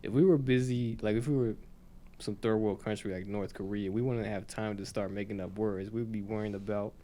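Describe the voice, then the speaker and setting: A man's voice: lowish voice, fairly even intonation, fairly quick, dark tone. A young man from the United States co-hosting a casual podcast, rambling and repeating himself with lots of "like". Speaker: podcast co-host. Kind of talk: casual stoner chat.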